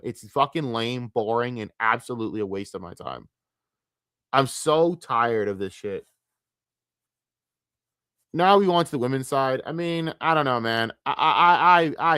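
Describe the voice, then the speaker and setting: A young man rants on a livestream, fed up, cursing freely and tripping over his own restarts. His voice sits at an ordinary middle pitch. It is recorded dry and close, with no room sound around it. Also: a bit bright, no echo. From United States. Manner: frustrated, profane, repetitive stammering restarts. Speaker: streamer. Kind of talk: casual ranting livestream.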